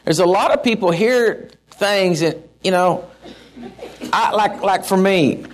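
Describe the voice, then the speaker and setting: A middle-aged man preaching a sermon in a folksy, animated way, with asides to the congregation. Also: sits high, takes it slowly. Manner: folksy, animated, with asides and shouted mock-rants. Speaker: pastor.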